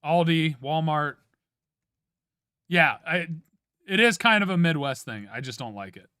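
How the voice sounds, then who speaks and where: A man's voice: a little high, expressive, unhurried, sharp tone, clean tone, no echo, clean studio sound. A man from Ohio chatting casually with his stream viewers, giving playfully dramatic opinions.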